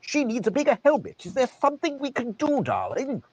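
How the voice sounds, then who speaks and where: A man's voice: very high voice, wildly swooping pitch, brisk, a little mellow, husky, dull audio, pitched above the performer's own voice, full character voice. A man voicing a pompous upper-class liberal in a put-on British aristocratic accent, with an affected, drawling, sing-song delivery.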